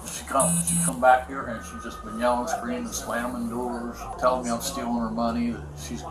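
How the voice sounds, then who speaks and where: A man's voice: mid-range voice, level tone, normal speed. A man, a police officer, speaking bluntly and wearily at a call. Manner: blunt, weary. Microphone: police body camera. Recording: echoey body-cam audio with crowd noise.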